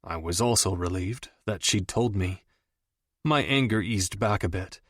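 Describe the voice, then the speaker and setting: A man reading a first-person romance audiobook with steady, understated storytelling. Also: sits low, unhurried, dry recording, studio quality. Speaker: audiobook narrator.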